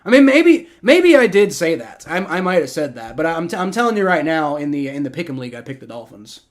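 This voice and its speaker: A young man hosting a live stream, giving rambling, excitable reactions and play-by-play while he watches a football game and swears freely. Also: fairly high pitch, brisk. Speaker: livestream host.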